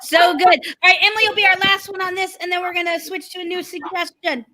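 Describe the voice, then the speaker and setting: A woman's voice: very high voice, level tone, fast talker, sharp tone, rough recording. A woman hosting an online improv game over a video call, chatty and self-deprecating.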